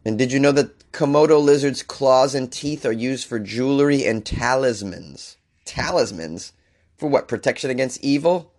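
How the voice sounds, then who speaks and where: A male comedian hosts a news podcast and is feeling under the weather. He reads each story and then breaks into exasperated rants. His voice is of middle pitch. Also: normal speed, few pauses, darkish tone. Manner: exasperated, ranting. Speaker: podcast host.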